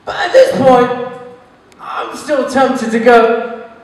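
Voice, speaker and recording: A man's voice: very high-pitched, slow pace. A young man doing a crude, bawdy stand-up routine and chuckling at his own jokes, recorded live before an audience. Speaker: stand-up comedian. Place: comedy venue with audience. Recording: distant echoey hall with audience. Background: audience laughter.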